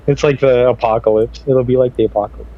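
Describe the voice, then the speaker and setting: A man's voice: mid-range voice, steady tone, fairly quick, a little mellow, a little hiss or hum. A man hosting a food podcast in casual chat, teasing and stammering through restarts. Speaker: podcast host. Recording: slightly dull lo-fi sound.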